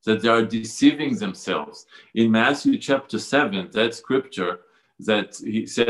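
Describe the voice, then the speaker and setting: A man's voice: lowish voice, a little slow, fairly bright tone. A man on a faith discussion panel, earnestly explaining scripture and citing chapter and verse.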